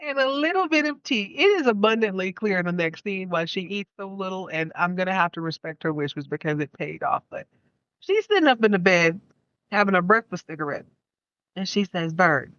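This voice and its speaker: A woman's voice: medium pitch, lively intonation, brisk, fairly bright tone, dry recording, dull audio. Playful woman recapping a film, dry sound. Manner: playful, slangy storytelling with asides. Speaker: podcast host. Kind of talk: casual film review podcast.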